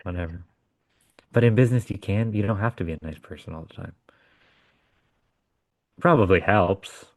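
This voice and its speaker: A man with a very low voice tells a story in casual podcast chat. He swears freely and talks bluntly. The recording is dry and close. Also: moderate pace, pauses often, no echo. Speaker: podcast co-host.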